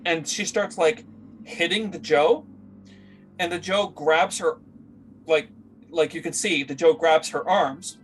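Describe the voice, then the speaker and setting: A man's voice: on the high side, a bit bright. A man narrating as game master for a tabletop game, rambling with many fillers as he searches for words.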